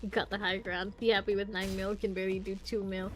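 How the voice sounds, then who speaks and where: A woman streamer giving live commentary while playing a game, reacting out loud and reading the story text aloud. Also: medium pitch, level tone, quick pace. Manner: reactive, exclaims and groans at the game. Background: faint game music.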